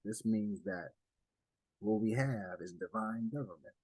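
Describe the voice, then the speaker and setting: A man's voice: fairly low pitch, a little slow, darkish tone, breathy edge, dry recording, low-quality recording. A man presenting a document to a study group in a casual, conversational way, with asides, restarts and direct address. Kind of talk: casual explanatory talk over slides.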